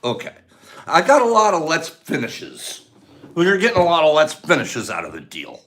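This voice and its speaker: An older American man hosting a casual livestream, chatting playfully with viewers and breaking into excited shouts. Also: normal speed. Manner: playful, jokey, swings from low mumbles to excited shouts. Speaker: host of a mushroom livestream.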